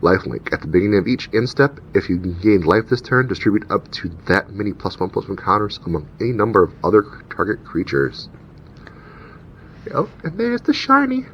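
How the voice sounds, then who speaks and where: Low-voiced man reading cards aloud. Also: a little fast, few pauses. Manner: reads card names and rules text aloud, chatty asides. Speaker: channel host opening card packs. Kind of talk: casual unboxing commentary. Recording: dull lo-fi recording with faint rumble.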